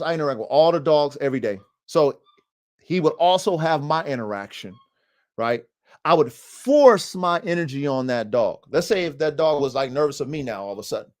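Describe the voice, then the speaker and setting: Here the dog training podcast host has a slightly high, slightly mellow voice. In casual livestream talk, he speaks with animation straight to his audience.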